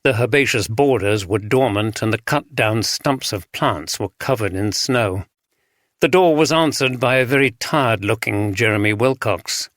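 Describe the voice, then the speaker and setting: Male audiobook narrator, measured, mid-range voice, dry studio sound. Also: mid-range voice, fairly bright tone, no room sound. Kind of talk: scripted narration.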